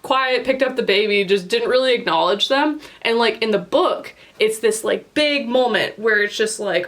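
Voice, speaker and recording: A young woman giving a casual book and movie review, chatty and blunt, with lots of "like" fillers, occasional swearing and sudden jumps in pitch for emphasis. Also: expressive, moderate pace, few pauses, a bit bright.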